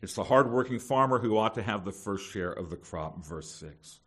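A middle-aged man, a pastor, preaching a sermon to seminary students in an emphatic, animated way, with rhetorical questions. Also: lowish voice, normal speed, breathy edge.

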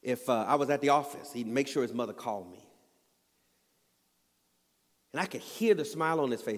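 A man's voice: mid-range voice, normal speed, pauses often. A man preaching a sermon, telling an earnest family story and building to emphatic points. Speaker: pastor. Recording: long hall reverb.

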